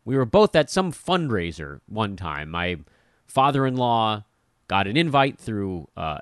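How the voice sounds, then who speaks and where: A middle-aged man from Los Angeles hosting a casual solo podcast, telling stories in a self-deprecating, animated way. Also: lowish voice, no room sound, studio quality. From Los Angeles, USA. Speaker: podcast host.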